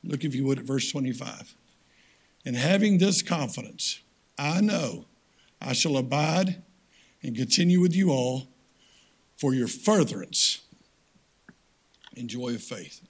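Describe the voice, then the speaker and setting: Animated and husky, an older guest preacher delivers a folksy sermon at a measured pace with long pauses. He alternates between loud, high-pitched urging and hushed, low appeals.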